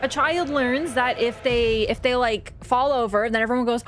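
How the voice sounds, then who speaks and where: A woman chats casually on her live stream, her voice sitting fairly high. She rambles and swears freely as she rants, with music playing clearly behind her. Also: animated, a little fast, few pauses.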